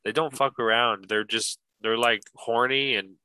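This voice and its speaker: Blunt, joking man with a bright voice. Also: mid-range voice, steady tone, moderate pace, smooth, dry recording, low-quality recording. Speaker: podcast host reading listener posts. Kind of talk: casual chat and reading aloud.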